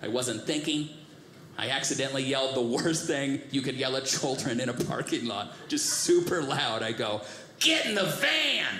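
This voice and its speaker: A man doing a stand-up comedy set, telling self-mocking stories in a deadpan way. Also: mid-range voice, moderate pace. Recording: echoey stage with live audience crowd.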